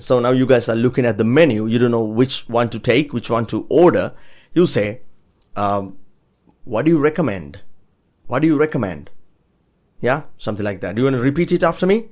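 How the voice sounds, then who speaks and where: An upbeat man teaches a spoken English lesson at a middle pitch. He says each everyday phrase slowly and repeats it so listeners can copy it. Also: expressive, darkish tone.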